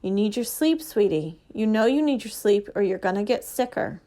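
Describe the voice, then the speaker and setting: A woman reading aloud and voicing a calm, quiet, tired father in a storybook, speaking gently. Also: medium pitch, normal speed, lightly acted. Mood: gentle. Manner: soft and gentle.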